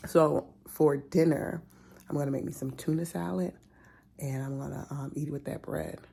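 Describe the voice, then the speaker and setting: A woman's voice: low-pitched, fairly even intonation, moderate pace, gravelly, warm tone, husky. A woman vlogger talking casually about food, sometimes dropping into a whisper. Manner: chatty, drifts into whispers. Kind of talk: casual vlog chat.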